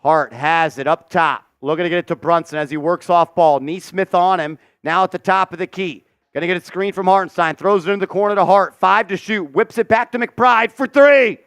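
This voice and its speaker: High-voiced man doing excitable play-by-play. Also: fairly quick, few pauses, clear, resonant tone, dry recording, studio quality. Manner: excitable, profane, mocking. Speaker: watch party play-by-play host. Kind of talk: fan play-by-play commentary.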